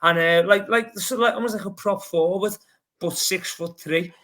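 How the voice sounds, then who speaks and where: A man's voice: high voice, normal speed. Chatty Scouse man telling stories. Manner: lively, rambling, heavy with fillers like "you know". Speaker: podcast guest, long-distance runner. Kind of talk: casual anecdotal storytelling.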